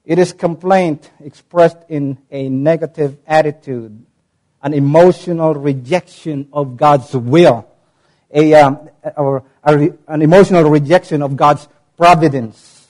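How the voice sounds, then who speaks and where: Guy preaching a sermon, kinda high voice, leans hard on key words and slows down to read the verses. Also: a little mellow. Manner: spells out words and gives examples. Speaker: pastor.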